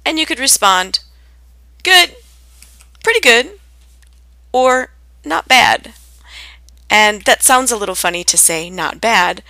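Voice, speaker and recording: A woman teaching common English greetings in a clear, deliberate lesson, acting out the example phrases in a lively way. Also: medium pitch, no echo. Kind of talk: scripted lesson on spoken greetings.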